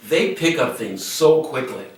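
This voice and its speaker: A man's voice: mid-range voice, animated, a little slow. Older guy, doctor, talking earnestly about his work, far from the mic, echoey room, bit of hiss. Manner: earnest, anecdotal, explains at length. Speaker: medical school dean and physician. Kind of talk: interview storytelling. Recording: echoey room, distant mic, faint noise.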